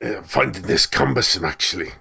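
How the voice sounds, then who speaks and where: A man's voice: low voice, animated, quick pace, gravelly, pushed and bright, breathy edge. A man playing a tabletop game, talking casually and wryly. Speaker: player.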